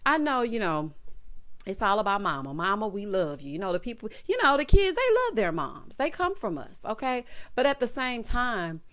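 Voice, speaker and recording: A woman in her thirties giving sassy, animated commentary on a reality show, talking straight to her viewers. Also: medium pitch, normal speed. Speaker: reality show recap host. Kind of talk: casual commentary.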